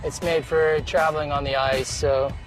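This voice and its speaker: A man guiding and coaching a rider outdoors on a beach, talking in a relaxed, encouraging way with small restarts. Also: on the high side, moderate pace, over music. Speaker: polar expedition guide. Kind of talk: casual coaching on location.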